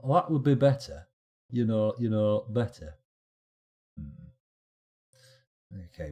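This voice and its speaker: A man's voice: lowish voice, mellow, breathy edge. A man giving live, casual commentary while streaming a game, rambling along with wry asides.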